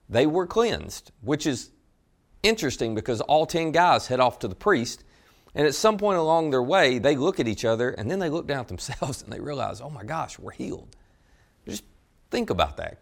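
Animated, gravelly male preacher. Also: mid-range voice. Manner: animated storytelling, direct questions to listeners. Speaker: pastor. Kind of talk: sermon.

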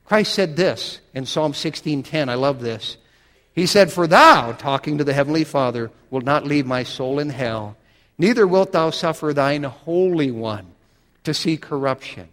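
Pria pengkhotbah bersuara agak tinggi, bergema. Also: male voice, fairly high pitch, a little slow, in a large hall. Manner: dramatic, swelling emphasis, reads scripture aloud. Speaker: preacher. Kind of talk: sermon.

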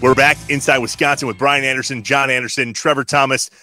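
A man hosting a casual show, upbeat and quick to laugh. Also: mid-range voice, fairly even intonation, over music. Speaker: host.

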